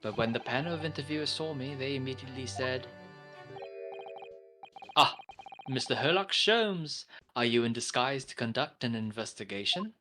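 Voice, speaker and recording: A man's voice: mid-range voice, animated, moderate pace, music in the background, close to an everyday voice. A man reading as a grandiose Victorian detective. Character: eccentric pompous male Victorian detective. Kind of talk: reading game dialogue aloud.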